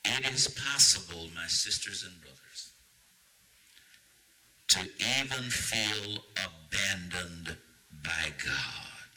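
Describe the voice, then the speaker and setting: A man preaching a sermon, slow and emphatic, with dramatic pauses between phrases. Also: low-pitched, animated, sharp tone, poor audio. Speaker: pastor.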